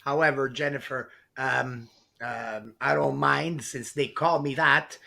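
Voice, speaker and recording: A man chatting slowly and deadpan as a livestream guest. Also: medium pitch, gravelly. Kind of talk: casual chat.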